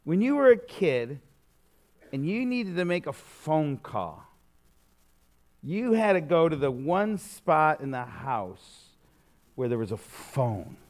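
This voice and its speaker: A man's voice: a little high, takes it slowly, long pauses. A middle-aged man preaching a sermon, casual and conversational, telling stories with lots of fillers and restarts. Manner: animated storytelling, conversational with many fillers. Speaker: pastor.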